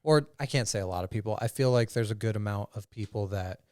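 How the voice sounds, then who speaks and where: A man's voice: lowish voice, fast talker, a little mellow, dry recording, studio quality. A man co-hosting a podcast in casual chat. He tells stories with crude jokes and laughs as he goes. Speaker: podcast co-host.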